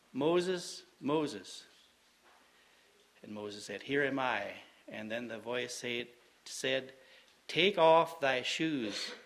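A man preaching a sermon, slow and deliberate, repeating phrases for emphasis. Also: mid-range voice, fairly bright tone.

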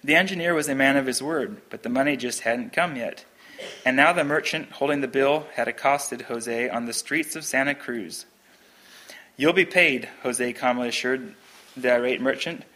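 A man's voice: mid-range voice, moderate pace, pushed and bright. A man reading a Christian story aloud in an earnest, plain storytelling manner, then chatting about it. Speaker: reader.

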